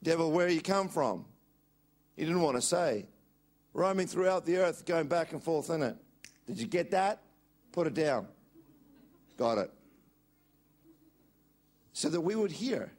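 An energetic male preacher with a fairly high voice. He delivers a sermon, urging the congregation to call words back to him. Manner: lively, calls on congregation to repeat words.

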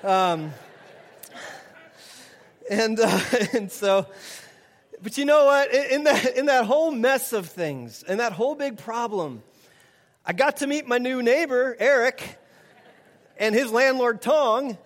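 A middle-aged man with a notably high voice delivers a sermon, chuckling as he recounts a story and playing out its dialogue. His words carry a long reverb, as if spoken from a church stage. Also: expressive, takes it slowly, long pauses. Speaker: pastor.

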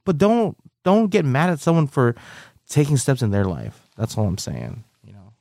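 A young man in casual podcast chat, animated and quick to laugh, peppering his talk with "dude" and "like". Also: medium pitch, vocal fry, no echo, studio quality. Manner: animated, laughs often, says dude and like a lot.

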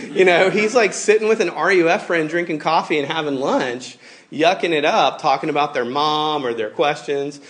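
A man in his thirties preaching a sermon in a conversational, animated way, often acting out quoted voices. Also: on the high side, normal speed. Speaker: pastor.

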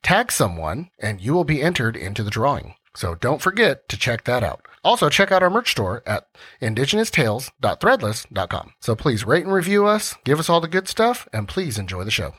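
A man's voice: mid-range voice, a little fast, husky. A man hosting a podcast, reading the intro and then joking around in casual chat. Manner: playful, lively, jokey. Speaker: podcast host.

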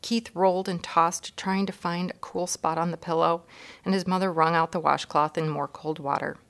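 A woman guest reader narrating a children's storybook chapter in a calm, measured, expressive way. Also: on the low side, gravelly.

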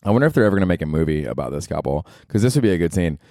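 A man hosting a casual comedy podcast, talking in a sarcastic, profane, animated way into a close mic. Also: sits low, rapid-fire, no room sound. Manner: sarcastic, swears a lot, animated asides. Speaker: podcast host.

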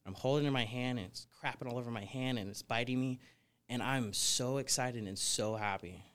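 Young man, podcast guest, energetic, rambling, lots of fillers, casual storytelling. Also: medium pitch, fairly quick, clear, resonant tone. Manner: energetic, rambling, frequent fillers like "you know". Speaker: guest, snake wrangler.

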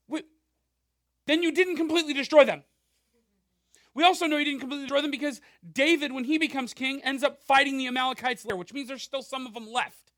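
A male pastor giving a conversational sermon, animated, with frequent asides and rhetorical questions. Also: very high voice, a little fast, no echo, clean studio sound.

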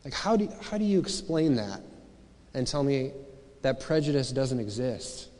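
A man preaching in a church hall, his mid-range voice carried by a long reverb. He talks in a relaxed, searching way and keeps asking his listeners questions. The tone is earnest and conversational rather than grand. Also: medium pitch, normal speed. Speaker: pastor. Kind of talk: sermon.

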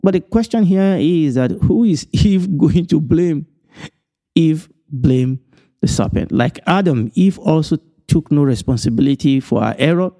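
A man's voice: on the high side, expressive, unhurried, warm tone. A man giving a Bible teaching, stressing points through repetition and chuckling now and then. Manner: repetitive, emphatic phrasing with chuckles.

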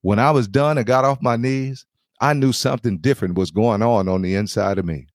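A man hosting a podcast, giving a measured, earnest sermon with a personal testimony and reading scripture aloud. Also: mid-range voice, no echo, clean studio sound. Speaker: podcast host and preacher.

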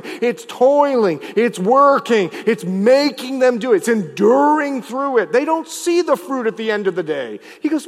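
A male pastor preaching a sermon, swinging from loud, emphatic lines to hushed, low ones. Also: very animated, measured pace, long reverb tail.

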